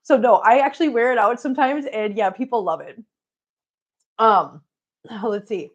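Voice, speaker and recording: Middle-aged woman, casual livestream host at home; chatty, friendly greetings, slightly high pitch. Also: normal speed, muffled recording. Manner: chatty, greets viewers warmly by name. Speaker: cat channel host.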